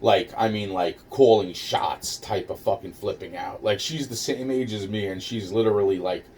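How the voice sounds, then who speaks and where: A man's voice: lowish voice, normal speed, darkish tone. A man casually telling a personal story, rambling and profane, with many restarts and fillers. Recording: distant mic with faint noise.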